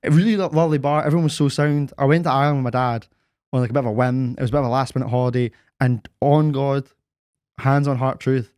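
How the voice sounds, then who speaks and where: A young man co-hosting a podcast, telling rambling, animated stories full of "I was like". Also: medium pitch, fast talker, clean tone, no echo, studio quality. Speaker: podcast co-host. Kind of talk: casual chat, storytelling.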